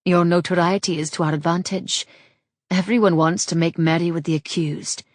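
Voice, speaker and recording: A woman voicing a proper young lady in an audiobook, speaking crisply and in a businesslike way. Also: on the low side, fairly even intonation, normal speed, no room sound, clean studio sound, natural voice. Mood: brisk. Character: brisk, proper young lady, sharp-tongued. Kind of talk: audiobook character voice.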